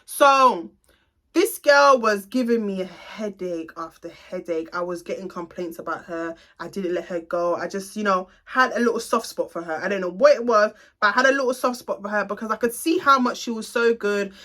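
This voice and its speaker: A woman's voice: medium pitch, moderate pace, a bit bright. A young adult woman, a salon owner, telling a storytime to her viewers in a blunt, gossipy way, swearing freely and talking straight to the audience. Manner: addresses viewers directly. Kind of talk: casual storytime vlog.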